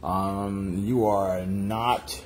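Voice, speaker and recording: A man's voice: sits low, steady tone, extremely slow, noisy background. A man co-hosting a family cooking livestream, reading out viewer comments in a playful, talkative way.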